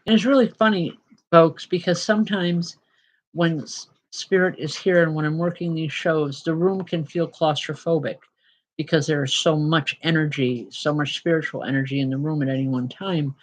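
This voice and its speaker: A woman's voice: sits low, steady tone, moderate pace. A woman giving live spirit-message readings as host, chatty and apologetic, with frequent ums and an emotional edge. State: emotional at times. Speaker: spiritual medium and show host.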